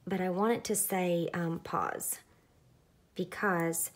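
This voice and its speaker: Chatty young woman, lowish voice. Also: slow pace. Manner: chatty, relaxed, lots of fillers. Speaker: craft vlogger. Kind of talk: casual narrated craft tutorial.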